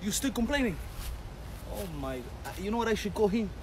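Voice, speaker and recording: A man's voice: high-pitched, big pitch swings, a little fast, noisy background. A man, a comedian teasing a friend in broken English in a skit.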